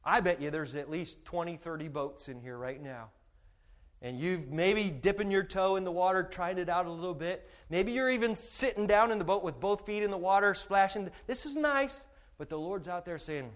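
Emphatic high-voiced male pastor preaching. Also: moderate pace. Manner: emphatic, swings from shouting to hushed asides. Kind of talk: sermon.

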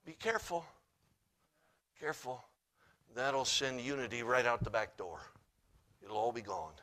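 A male pastor, preaching and telling a story, who swings between loud emphasis and hushed asides. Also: mid-range voice, lively intonation, measured pace. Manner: laughs while telling the story. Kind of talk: sermon with storytelling.

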